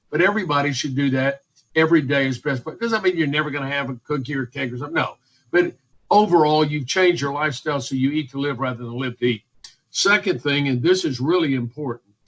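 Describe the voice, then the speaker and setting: A man's voice: a little high, fairly bright tone, poor audio. A man, speaking as a physician guest in a radio interview, emphatic and repetitive, listing points one by one. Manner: emphatic, repetitive, list-making.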